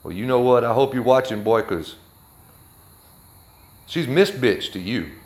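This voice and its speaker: A man ranting heatedly on a livestream from his workshop, blunt and forceful. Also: mid-range voice, expressive, unhurried. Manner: heated, blunt, with a Southern drawl of words. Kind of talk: angry live video rant.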